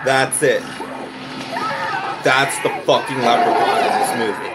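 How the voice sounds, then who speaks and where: Reviewing a movie, a man launches into a profane, exasperated rant at an ordinary middle pitch. He speaks slowly, dragging out his words between bursts of swearing, with crowd and other background noise audible.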